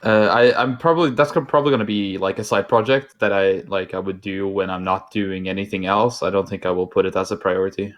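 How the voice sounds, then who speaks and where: A man guesting on a gaming chat, explaining game tips in a relaxed way with frequent hesitations. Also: low voice, a little fast, hardly any pauses. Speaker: guest player. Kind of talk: casual chat.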